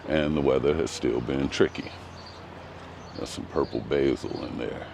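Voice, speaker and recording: A man's voice: a bass voice, a little slow, vocal fry, a little mellow, a little hiss or hum. A man giving a casual vlog walk-through of his home garden outdoors, talking in a hesitant, rambling way with frequent ums. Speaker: gardening vlogger.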